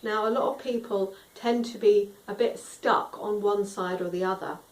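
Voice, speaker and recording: A woman's voice: mid-range voice, fairly even intonation, normal speed, far from the mic. A woman teaching singing, explaining vocal tone in a friendly, instructive way. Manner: friendly instructive, demonstrates sung tones. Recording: roomy echo, a little off mic.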